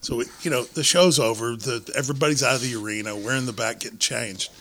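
A man's voice: medium pitch, fast. A man in a casual podcast chat, jumping in to correct and add to the story. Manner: animated, chimes in with corrections.

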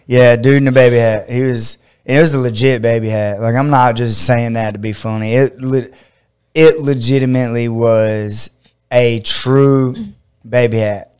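A middle-aged man from Georgia with a drawl tells a story in casual chat. His voice is smooth and clear. He laughs often and slips into high squeaky voices when he quotes people. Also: fairly even intonation, normal speed, a little mellow. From Georgia, USA. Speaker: podcast host and fight coach.

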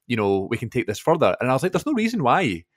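A man hosting a podcast interview, relaxed and hesitant, with frequent fillers. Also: medium pitch, fast, no echo, clean studio sound. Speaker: podcast host.

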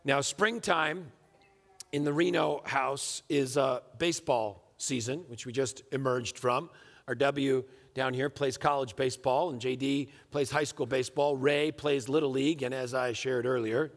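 A middle-aged man delivers a sermon from the pulpit at an average pitch. He tells stories with animation and acts out little family scenes. His voice carries a long reverb from a large hall. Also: a little slow. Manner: animated storyteller, acts out shouting dad scenes. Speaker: pastor.

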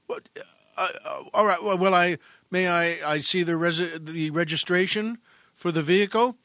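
Guy putting on a jumpy stammering cop, higher and louder than his own voice, dry sound. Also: moderate pace, no room sound. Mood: flustered. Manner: stammering, rising alarm. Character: flustered male traffic cop, rattled and stammering.

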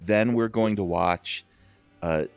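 Male podcast host, deep voice, laid-back, rambling with fillers, faint music behind. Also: takes it slowly, vocal fry, clean tone, dry recording. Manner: relaxed, filler-heavy, rambling. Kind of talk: casual podcast chat.

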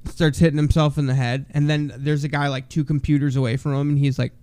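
A man's voice: on the high side, little pitch movement, fast talker, hardly any pauses, a little mellow, clean tone, soft background music. A young man co-hosting a podcast, telling stories in a loose, profane, casual chat full of "bro" and "dude". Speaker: podcast co-host.

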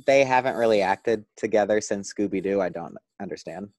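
A man co-hosting a podcast in casual chat, delivering things enthusiastically with quick asides. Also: fairly low pitch, darkish tone. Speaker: podcast co-host.

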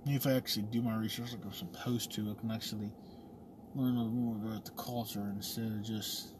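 A man's voice: lowish voice, little pitch movement, a little fast, noisy background. A man talking in a casual, rambling vlog monologue, swearing freely and laughing at himself. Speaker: vlogger.

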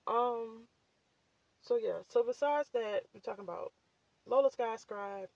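A podcast host and author chats casually with listeners in a loose, filler-heavy way, her scratchy, slightly breathless voice sitting on the high side with vocal fry and a darkish tone. She speaks at a measured pace. The recording is dry, and the highs are cut off.

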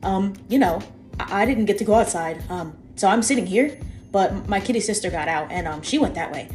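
A woman's voice: medium pitch, brisk, darkish tone, faint music behind, lightly acted. A woman voicing her big young dog as a simple, earnest pup proudly explaining himself. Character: big goofy puppy dog, proud and innocent.

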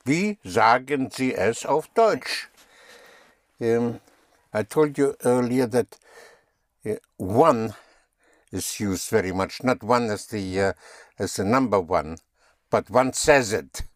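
A man's voice: fairly low pitch, slow, pauses often, dry recording, studio quality. A man teaching German, patiently spelling words out and having learners repeat them. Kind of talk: slow language lesson.

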